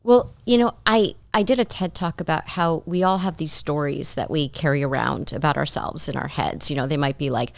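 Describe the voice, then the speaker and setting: A woman's voice: low-pitched, brisk, gravelly, hardly any pauses, no room sound. A woman psychotherapist guest giving thoughtful conversational advice, explaining her points through stories about clients.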